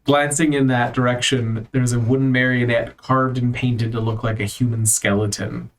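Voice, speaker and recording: A man narrating a tabletop game as its game master, relaxed and loose, with plenty of ums and uhs. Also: medium pitch, normal speed.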